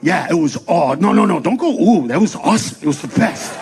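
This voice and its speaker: A man doing a profane stand-up comedy set, ranting fast, shouting punchlines and acting out voices. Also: on the high side, lively intonation, a little hiss or hum.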